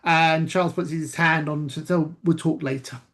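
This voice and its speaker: A woman chatting casually on a video call, recounting things slowly with hesitations and dry asides. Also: low-pitched, steady tone, a bit bright.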